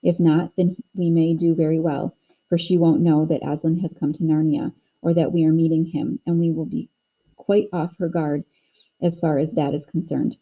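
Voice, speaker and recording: A woman's voice: low voice, level tone, phone-quality sound. A woman voicing Missus Beaver, a practical, motherly talking beaver who reasons things through. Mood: urgent. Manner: brisk, reasoning.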